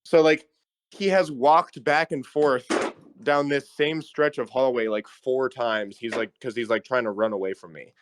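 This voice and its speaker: A young man on a podcast, telling a story in a casual, animated way with lots of "like" fillers and laughs. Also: mid-range voice, normal speed, slight background noise. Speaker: podcast co-host.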